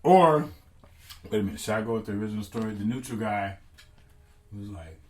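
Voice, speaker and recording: A man's voice: fairly low pitch, fairly quick, pauses often, a little mellow. A man hosting a podcast, rambling through a comic theory, often stopping to correct himself. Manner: meandering, self-correcting, profane. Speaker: podcast host. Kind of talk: rambling comedic podcast chat.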